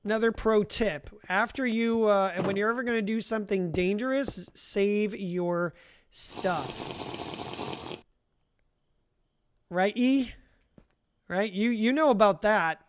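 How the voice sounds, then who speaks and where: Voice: mid-range voice, big pitch swings, slow pace, pauses often, noisy background. A livestreamer giving casual live gameplay commentary, chatty and rambling, talking to chat viewers by name and often laughing. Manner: rambling with frequent restarts and self-amused laughs.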